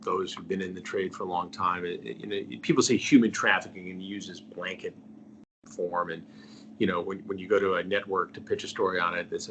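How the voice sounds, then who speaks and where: A man's voice: sits low, steady tone, brisk, background noise. A middle-aged man, a journalist being interviewed, telling a story earnestly and trailing off to a near-whisper at the ends of phrases. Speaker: investigative journalist, guest.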